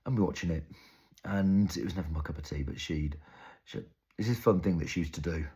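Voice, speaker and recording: A young man performing an intense, halting, improvised dramatic monologue. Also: deep voice, mellow, breathy edge. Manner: intense, halting, storytelling with heavy swearing. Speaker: actor.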